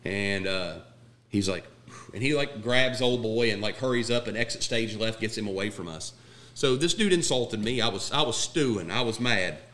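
A man casually telling a profane story with friends, acting out the quotes in an animated way. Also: lowish voice, moderate pace.

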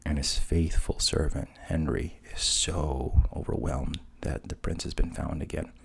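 A man narrating a fairy tale softly, at times dropping to a whisper. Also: extremely low pitch, fairly even intonation, unhurried, gravelly, background noise. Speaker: storyteller.

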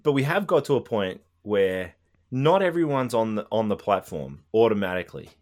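A man co-hosting a podcast, agreeable and quick to laugh in casual chat. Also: on the low side, very animated, darkish tone. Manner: agreeable, frequent backchannel, laughs often. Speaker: podcast co-host.

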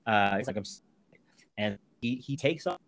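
Gravelly low-voiced man retelling a film. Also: normal speed, a bit bright, dry recording. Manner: retells scenes acting out lines in a raised voice. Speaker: podcast co-host. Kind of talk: casual film discussion.

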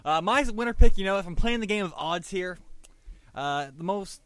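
Jokey man with a bright, higher voice. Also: animated, moderate pace, clear, resonant tone, dry recording. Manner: jokey, puts on accents, laughs often. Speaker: podcast co-host. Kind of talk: casual chat.

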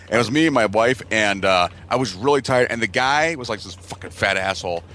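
A man's voice: on the low side, lively intonation, brisk, bright, forceful tone. A man on a podcast telling casual, profane stories, laughing and acting out what people said. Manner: profane, laughing, acts out quotes. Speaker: podcast regular. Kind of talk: casual storytelling chat.

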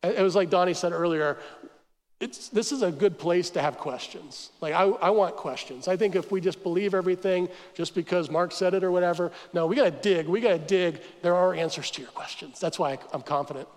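A man preaching a sermon as pastor, telling the story with animated asides and acting out the crowd's complaints. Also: high-pitched, a little fast. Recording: church hall reverb.

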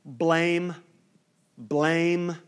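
Male pastor, slightly high voice, lively sermon delivery with playful teasing asides. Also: extremely slow, clean tone. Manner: lively preaching, teasing the congregation.

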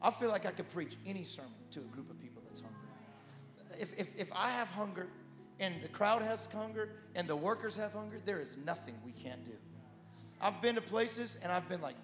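A man with a high voice preaches to a congregation, repeating himself and swelling into shouts. The sound is roomy with a long hall reverb, and soft music plays underneath. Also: animated, fairly quick. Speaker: pastor. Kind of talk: sermon.

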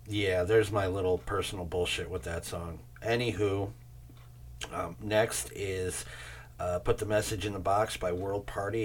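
Slow, low-voiced man rambling about songs. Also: fairly bright tone, slight background noise. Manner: meandering, chatty, with restarts and casual swearing. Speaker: show host presenting music tracks. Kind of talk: casual rambling music talk.

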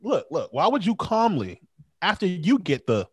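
A man talking casually with a lively, swooping voice that sits a little high for a man. He rants bluntly and profanely, hammering each point. The sound is dry and close, with no room around it. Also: moderate pace, breathy edge, dry recording. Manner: blunt, profane, animated ranting. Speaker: movie review co-host. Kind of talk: casual chat.

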